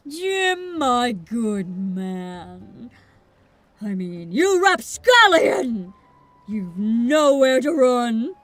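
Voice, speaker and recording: A woman voicing a pompous, blustering male gentleman inspector as she reads game dialogue aloud. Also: fairly high pitch, sing-song, very slow, heavily acted. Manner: theatrical, bombastic proclamations.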